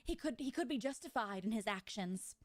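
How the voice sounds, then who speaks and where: A woman's voice: a little high, expressive, brisk, very noisy. A woman speaking in playful, mock-serious livestream banter as a guest.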